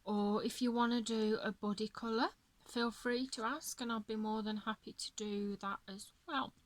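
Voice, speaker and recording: A woman's voice: on the high side, steady tone, moderate pace, no echo. Sleepy chatty woman, dry sound. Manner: chatty, apologetic, rambling. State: tired, yawning. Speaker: coloring channel host. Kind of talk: casual show-and-tell chat.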